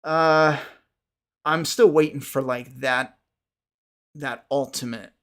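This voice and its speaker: A man's voice: mid-range voice, steady tone, slow, a bit bright. A man hosting a podcast livestream, chatting casually with viewers, rambling with frequent restarts and casual swearing. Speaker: podcast host.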